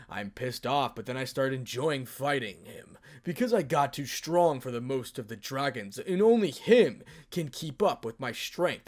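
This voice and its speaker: A loyal dragon spirit in male form, speaking with stiff, formal courtesy and bowing to "milady" in every reply, as a man puts it on while reading a fan story aloud. The voice sits at an ordinary middle pitch for a man. It is close to the reader's own voice. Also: lightly acted. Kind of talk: fan fiction read-aloud.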